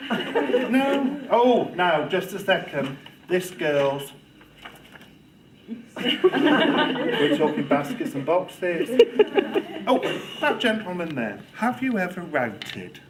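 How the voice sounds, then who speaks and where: A man giving a lively, theatrical talk to a student audience on children's reading, playing for laughs. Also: high-pitched, extremely slow, long pauses, a crowd in the background, low-quality recording. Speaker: guest speaker on children's reading. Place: lecture room with audience.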